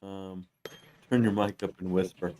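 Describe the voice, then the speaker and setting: Low-voiced man hosting a podcast. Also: flat delivery, a little slow, dark tone. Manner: teasing, reads out chat comments. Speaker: podcast host. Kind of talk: casual chat.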